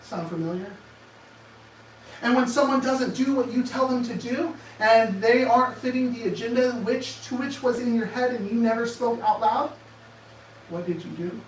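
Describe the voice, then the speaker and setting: A man giving an animated motivational talk, firing off sarcastic rhetorical questions in a presentation room. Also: extremely high pitch, moderate pace, a little hiss or hum. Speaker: speaker. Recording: echoey room, distant mic, faint ambience.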